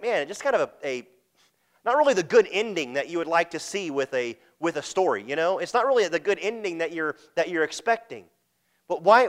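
A preacher with a high, light voice works through a scripture story. He acts out the characters' words and often repeats himself as he builds his points. His delivery is earnest and conversational. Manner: storytelling, acting out quoted voices, repeats and restarts. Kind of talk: sermon.

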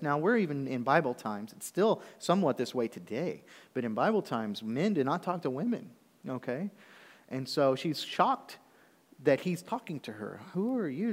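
A man preaching a sermon as pastor, talking conversationally and checking in with the congregation often. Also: medium pitch. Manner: conversational preaching with frequent "okay?" check-ins. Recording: long hall reverb.

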